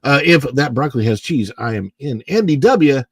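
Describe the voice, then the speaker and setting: A man hosting a casual livestream, chatting and reading viewer comments while his voice is hoarse from the morning and he keeps clearing his throat. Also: medium pitch, lively intonation, moderate pace, dry recording. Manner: rambling, chatty, greets viewers by name. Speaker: livestream host.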